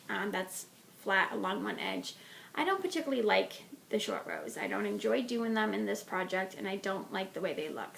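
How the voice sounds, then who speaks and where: Gravelly-voiced woman chatting about knitting. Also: mid-range voice, a bit bright, a little hiss or hum. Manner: chatty, many ums and restarts. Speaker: knitting podcast host. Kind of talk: casual show-and-tell about a knitting project.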